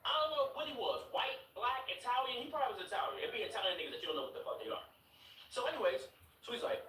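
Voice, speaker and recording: A man's voice: fairly high pitch, fast, far from the mic, slight background noise. A man in his twenties from Chicago, telling a story to his stream chat. He talks casually with a lot of swearing and repeated words. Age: 20s. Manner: animated, profane, repeats words and laughs while telling the story. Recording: roomy room, mic set back.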